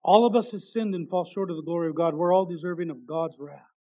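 Impassioned preacher, high-voiced man. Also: quick pace, breathy edge, lo-fi sound. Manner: impassioned, swinging between loud and hushed. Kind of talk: sermon reading a testimony.

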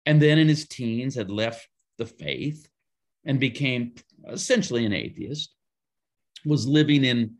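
Pastor guy telling a story in an interview, gravelly husky voice, mid pitch, punchy asides. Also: a little slow. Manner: lively anecdotal storytelling with emphatic asides. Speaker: pastor and author guest.

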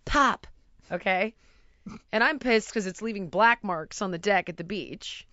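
A middle-aged woman telling a story in casual chat, animated and exasperated, acting out sounds and voices. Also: mid-range voice, measured pace, no room sound, highs cut off.

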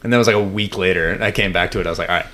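Man, very low voice, casual podcast chat, rambling, swears a lot. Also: rapid-fire, sharp tone. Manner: profane, rambling anecdotes.

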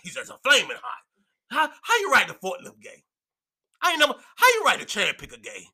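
A rowdy man talks on a podcast in a high, bouncing voice that swings all over. His tone is very bright and strained, with a husky edge. He swears freely and breaks into laughter often. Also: wildly swooping pitch, brisk. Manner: boisterous, profane, laughs often. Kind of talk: casual chat.

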